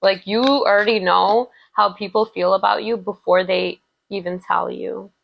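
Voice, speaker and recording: Chatty woman with a gravelly voice. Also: medium pitch, steady tone, moderate pace, muffled recording, a little hiss or hum. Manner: chatty, rambling, many "like" fillers, warm affirming tone. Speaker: tarot reader. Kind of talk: casual love reading to viewers.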